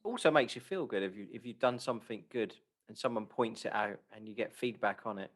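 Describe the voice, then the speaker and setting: A man hosting a podcast on a video call, chatty and quick to laugh. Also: on the low side. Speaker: podcast host. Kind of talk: casual podcast interview.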